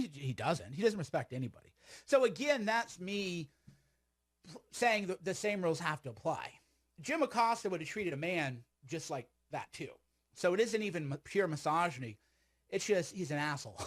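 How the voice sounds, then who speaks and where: A man's voice: high-pitched, big pitch swings, fairly quick, breathy edge. A man giving casual, sarcastic commentary on a video clip, rambling and laughing often.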